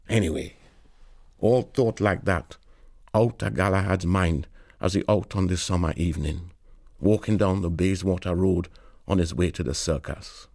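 A man's voice: low voice, normal speed, creaky, a little mellow, no echo, studio quality. A man reading literary fiction aloud in a wry, lilting storytelling manner. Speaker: narrator.

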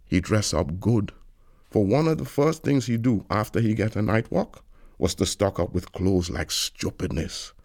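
A man narrates an audiobook, his voice low and gravelly. He lilts through the dialect in an easy storytelling manner. The sound is dry and close, with no room around it. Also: dry recording.

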